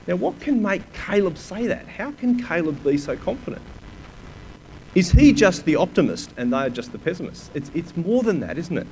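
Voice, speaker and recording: A man's voice: a little high, sing-song, normal speed, a little mellow, slight background noise, rough recording. A man preaching a sermon, reading scripture aloud with emphasis and putting rhetorical questions to his listeners.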